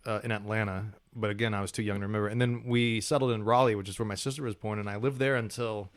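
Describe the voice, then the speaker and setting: A man's voice: on the low side, quick pace. A man with an Ohio accent, a guest on an interview podcast, telling stories in an easygoing way with many filler words. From United States. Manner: relaxed storytelling with filler words. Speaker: podcast guest, English professor. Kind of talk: casual interview conversation.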